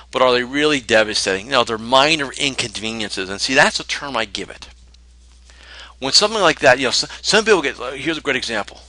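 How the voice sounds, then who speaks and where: A man's voice: medium pitch, lively intonation, a little fast, sharp tone, no room sound, low-quality recording. A middle-aged man coaching financial advisors in a conversational talk, full of rhetorical questions and tag questions. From New Jersey.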